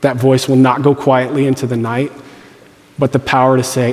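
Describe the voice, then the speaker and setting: A male pastor delivers a sermon in a relaxed, conversational style, slipping into playful voiced asides. His voice sits at an ordinary pitch and carries a long reverb from the church hall around him. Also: normal speed, pauses often.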